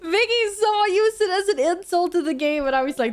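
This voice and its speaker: A young woman chatting casually on a game stream, joking and rambling with quick self-corrections. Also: extremely high pitch, animated. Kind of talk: casual live-stream chat while gaming.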